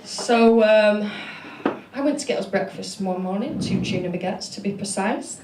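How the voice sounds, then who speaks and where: A woman's voice: medium pitch, moderate pace, heavy background noise. A young woman with a Manchester accent telling stories on stage in a chatty, self-deprecating stand-up set full of fillers. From Manchester, England. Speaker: stand-up comedian. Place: comedy club stage. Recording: echoey venue with audience laughter. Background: crowd laughing.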